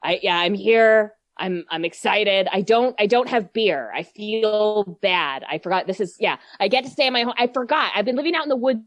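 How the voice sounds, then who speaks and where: A woman's voice: medium pitch, normal speed, hardly any pauses, no echo. Chatty, apologetic woman on a dry mic. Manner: chatty, apologetic, self-deprecating. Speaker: podcast guest, comedian. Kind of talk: casual chat. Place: at home in the woods.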